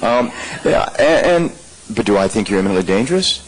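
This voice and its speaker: Husky low-voiced man leading a training. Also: very animated, fairly quick, low-quality recording. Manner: conversational, asks the room many rhetorical questions. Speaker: workshop trainer. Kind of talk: leadership training lecture. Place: live training session room.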